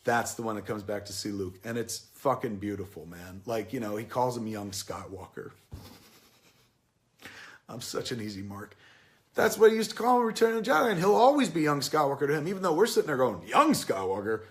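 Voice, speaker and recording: A man's voice: mid-range voice, very animated, a little fast. A man in his forties giving a casual, rambling film review, swearing often and getting emotional as he tells the story. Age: 40s.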